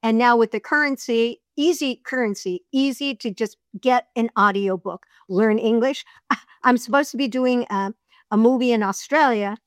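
A middle-aged woman narrator talks in a chatty, storytelling way, laughing easily between points. Her voice sits a bit high. The sound is dry with no room around it. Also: normal speed, dry recording. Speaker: voiceover artist and audiobook narrator. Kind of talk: casual interview chat.

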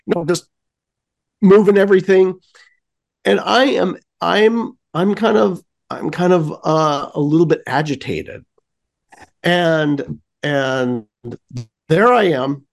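A man co-hosting a casual chat, telling a story in an animated way, acting out scenes with sound effects and many restarts. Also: on the high side, normal speed, gravelly.

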